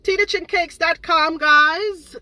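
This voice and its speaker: Jamaican woman, indignant ranting baker, bright and forceful tone, repeats herself, fires rhetorical questions. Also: very high-pitched, takes it slowly, no room sound. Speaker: baker running her own cake business. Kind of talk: ranting livestream monologue.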